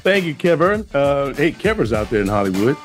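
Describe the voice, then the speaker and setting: A man's voice: medium pitch, big pitch swings, fairly quick, faint music behind. A man hosting a radio talk show, speaking casually with hesitant fillers as he draws his guest out. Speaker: host.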